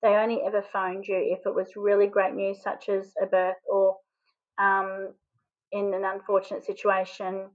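A woman from Australia recounts a deeply personal story in a flat, even voice, pausing and catching her breath as emotion rises. The recording sounds a little dull and lo-fi. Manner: halting, emotional, often choked up. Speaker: interview guest.

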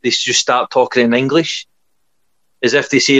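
A man's voice: mid-range voice, little pitch movement, moderate pace, pauses often, fairly bright tone, dry recording. A man, chatting eagerly about films he loves. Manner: enthusiastic, laughs often, says aye. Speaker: podcast co-host. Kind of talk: casual chat. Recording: dull lo-fi dry sound.

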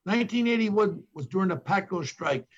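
An older former detective with a New York accent guests on a podcast, telling police stories and acting out what people in them said with emphatic bursts. His voice sits high and is animated and a little fast, with lo-fi sound.

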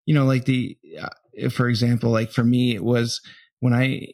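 A man's voice: medium pitch, normal speed, gravelly, dry recording, studio quality. A man hosting a podcast, chatting casually and asking curious questions. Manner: laughs easily, relaxed and curious. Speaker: podcast host. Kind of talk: casual interview chat.

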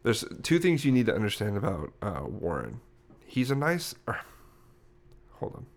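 With a fairly low voice whose pitch swoops wildly, this young podcast co-host meanders through a story at a moderate pace, often backtracking to correct himself. The conversation is relaxed and casual.

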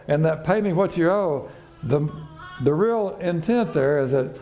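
A man's voice: animated, moderate pace, warm tone. A man preaching a sermon as pastor, telling a parable in a conversational way and acting out the lines of the people in it. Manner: conversational storytelling, acting out quotes with raised pitch.

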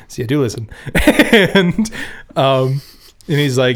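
A young man hosts a laid-back podcast with a voice of ordinary pitch. He laughs a lot between phrases and teases himself as he goes. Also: expressive, slow pace. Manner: giggly, self-mocking, laughs often mid-sentence. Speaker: podcast host. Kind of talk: casual chat.

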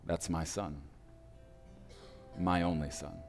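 Brief: preacher as a rich, powerful father, deep, hushed and grave. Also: flat delivery, gravelly, big-room sound, faint music behind, full character voice. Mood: somber. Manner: slow, quiet and grave. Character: somber wealthy powerful older father.

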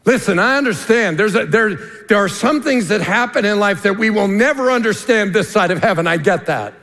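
A man preaching a sermon as lead pastor, earnest and emphatic, dropping to a hushed tone for key points. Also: high voice, expressive, fairly quick. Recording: long reverb of a large hall.

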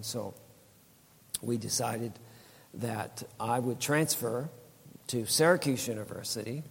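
A man's voice: medium pitch, creaky, husky, big-room sound. A man in his sixties giving a rambling, folksy church testimony, with many restarts and laughs.

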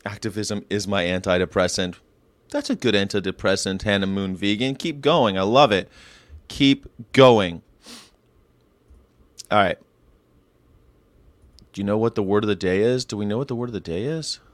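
A man's voice: lowish voice, moderate pace, long pauses, no echo. A man hosting a daily vlog, with rambling, jokey talk and frequent laughs. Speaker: host. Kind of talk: casual daily vlog monologue.

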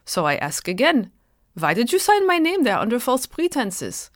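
A man's voice: extremely high pitch, huge pitch swings, normal speed, a bit bright, no echo, clean studio sound, pitched above the performer's own voice, full character voice. A woman voicing a dignified colonial pastor, bewildered at an accusation, speaking formally and with measure.

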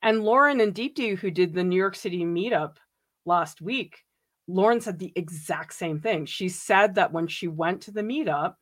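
Hosting a relaxed stream from home, a woman goes through viewer comments aloud and talks them over, giggling and gushing as her pitch swings widely.

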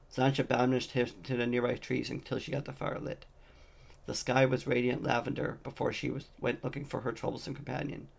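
An audiobook reader, a man with a medium-pitched voice and some vocal fry, reads a fantasy novel aloud. He voices the dialogue lightly, staying in his own voice.

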